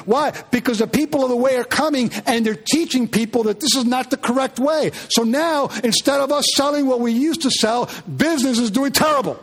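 Very high-voiced preaching man. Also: fairly quick, few pauses. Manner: animated, rhetorical questions to the congregation. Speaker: pastor. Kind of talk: sermon.

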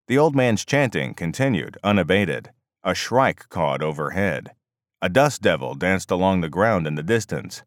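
A male narrator reading a novel aloud with steady, measured storytelling. His voice sits very low, and the recording is dry with no room sound. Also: no room sound. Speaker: audiobook narrator. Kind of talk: scripted narration.

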